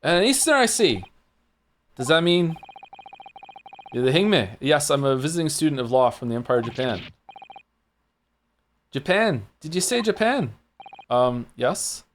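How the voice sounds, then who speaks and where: A man voicing a gruff, suspicious male prison governor, attempting a Scottish accent. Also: medium pitch, moderate pace, a little hiss or hum, natural voice. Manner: blustering and suspicious.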